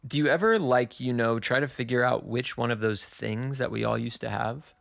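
A man's voice: mid-range voice, normal speed, gravelly, a bit bright, no echo. A man co-hosting a podcast in casual chat, laid-back and rambling, easily amused. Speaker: podcast co-host.

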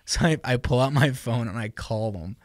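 A man's voice: medium pitch, normal speed. Laughing young man telling stories. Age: 20s. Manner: animated storytelling with laughs and acted-out quotes. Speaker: podcast host. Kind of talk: casual chat.

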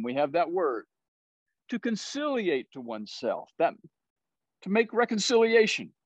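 A man's voice: fairly high pitch, no room sound, muffled recording. A man with a Southern US accent teaching a Bible study, explaining words and often checking in with "right?".

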